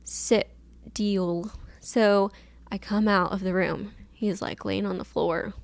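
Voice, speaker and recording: A young woman in her twenties hosts her own podcast and tells a personal story in a loose, emotional way, full of likes and ums. Her voice sits at a middle pitch. It is recorded close on a camera mic in a dry space with no room echo. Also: fairly even intonation, slow, vocal fry. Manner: chatty, emotional storytelling with many fillers. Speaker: podcast host. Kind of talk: casual solo podcast monologue.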